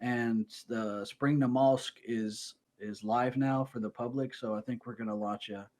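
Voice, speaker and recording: A man's voice: mid-range voice, steady tone, darkish tone. A rambling, joking male podcast co-host. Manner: joking, rambling, quick asides. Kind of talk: casual chat.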